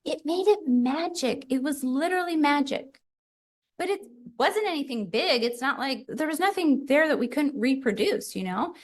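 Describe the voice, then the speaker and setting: High-voiced, animated woman podcast co-host. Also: moderate pace. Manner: animated, acts out quoted voices. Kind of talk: casual podcast chat.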